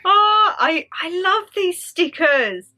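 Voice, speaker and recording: A young woman from England vlogging at home, chatting excitedly and gushing over gifts. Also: high-pitched, normal speed, lo-fi sound, a little hiss or hum. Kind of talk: casual chat.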